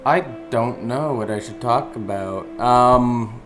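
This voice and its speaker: A young man sits at his desk narrating his speed drawing in a voice-over, rambling casually with lots of fillers and offhand swearing. His medium-pitched voice is fairly bright and unhurried, captured on a desk mic recorded separately over the video, with background music playing.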